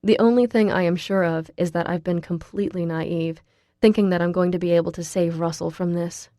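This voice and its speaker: A woman narrating a first-person audiobook in a quiet, measured way. Her voice is low and mellow, with a dark, soft tone. The recording is close and completely dry. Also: fairly even intonation, no room sound.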